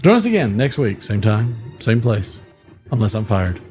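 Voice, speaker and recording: A man's voice: fairly low pitch, very animated, moderate pace, darkish tone. A man hosting a casual show, speaking with mock-grand, dry sarcasm, music faint behind. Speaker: host. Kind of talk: casual chat.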